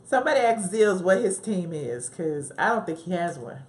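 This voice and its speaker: A woman's voice: on the low side, expressive, normal speed. A woman with a Southern US accent hosting a casual live stream from her home office, chatting, laughing often and talking back to her live chat. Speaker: livestream host.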